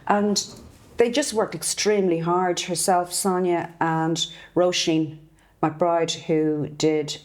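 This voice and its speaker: A woman's voice: on the low side, steady tone, takes it slowly, a little mellow. A woman co-hosting a podcast, chatting casually, telling stories and laughing often. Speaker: podcast co-host. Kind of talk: casual chat.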